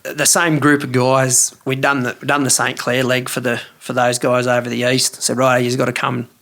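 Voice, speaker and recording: An Australian man telling a fishing yarn as a podcast guest, lively and full of broad slang. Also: mid-range voice, moderate pace. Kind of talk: casual storytelling.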